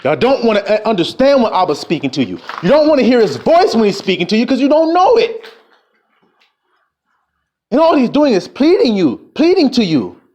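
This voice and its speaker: A man's voice: very high-pitched, wildly swooping pitch, moderate pace, darkish tone, slight background noise. A man delivering an angry, profane street sermon, scolding his listeners and mocking the voices of people he quotes. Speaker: preacher.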